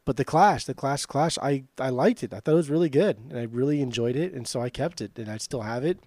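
A man's voice: mid-range voice, quick pace, dark tone, no room sound. A young man co-hosting a casual chat, rambling and hesitant, with some teasing. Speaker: podcast co-host.

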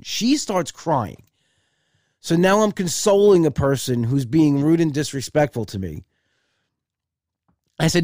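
A man's voice: fairly high pitch, lively intonation, normal speed, pauses often, a little mellow, no room sound, studio quality. A male comedian telling a story casually and chattily, acting out both sides with repeated "I said".

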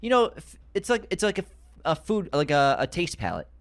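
Male podcast co-host, Boston accent, lively pitch, chatty and laughs a lot. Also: fairly quick. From Boston area. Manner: laughs often, chatty and opinionated. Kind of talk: casual chat.

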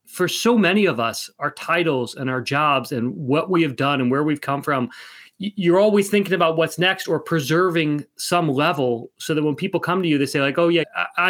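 A man's voice: on the high side, a bit bright. Man hosting a podcast interview. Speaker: podcast host. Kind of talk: interview questions.

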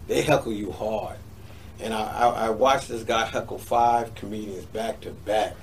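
A man's voice: on the low side, fairly even intonation, moderate pace. A man being interviewed as a comedian, talking casually, repeating himself and agreeing eagerly. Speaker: comedian guest. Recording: distant mic, faint background noise.

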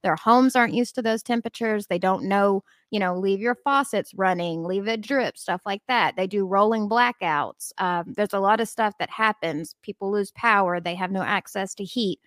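A woman's voice: mid-range voice, normal speed, few pauses, no room sound. A woman talks casually, her voice nasal and stuffed up from congestion. The sound is dry and close, with no room around it. She rambles through her explanations in an easy, chatty way. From Memphis, southern US. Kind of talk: casual chat.

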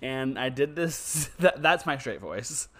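A man co-hosting a podcast, riffing quickly in casual chat and laughing often. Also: mid-range voice, expressive, a crowd in the background. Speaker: podcast co-host.

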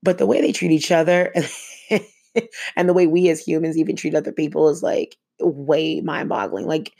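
A woman's voice: low voice, steady tone, normal speed, creaky, warm tone. A young adult woman hosting a solo podcast, giving opinionated, emphatic, conversational commentary. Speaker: podcast host.

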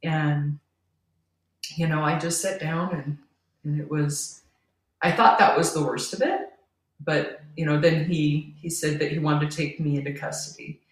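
A woman's voice: low voice, fairly even intonation, measured pace. A middle-aged woman, a podcast guest, earnestly telling a personal story and laughing between lines. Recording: roomy, distant from the mic.

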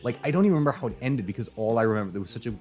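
A man guest on a podcast, telling a personal story in a casual, animated way, acting out his parents' voices. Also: mid-range voice, rapid-fire, faint music behind.

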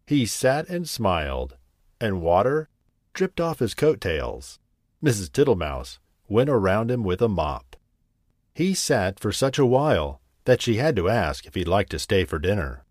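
Low, expressive male storyteller. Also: unhurried, no room sound, clean studio sound. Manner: expressive, acts out the characters. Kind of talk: storybook read-aloud.

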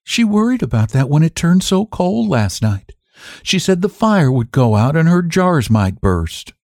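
A man voicing a timid, soft-spoken farm wife in an audiobook. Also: a little high, very animated, measured pace, dry recording, studio quality, pitched above the performer's own voice. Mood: anxious. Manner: timid, apologetic.

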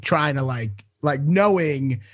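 A man talking in a self-deprecating, animated way in casual podcast chat, stumbling over restarts. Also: on the high side, takes it slowly.

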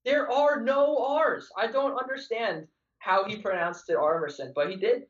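A man talking as a guest on a casual sports podcast, rambling and excitable, often trailing off mid-sentence. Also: high-pitched, normal speed. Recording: dull lo-fi sound.

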